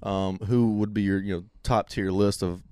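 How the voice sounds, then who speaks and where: Low-voiced laid-back man. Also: steady tone, moderate pace, a little mellow, clear, resonant tone, no room sound, clean studio sound. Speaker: podcast co-host. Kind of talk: casual chat.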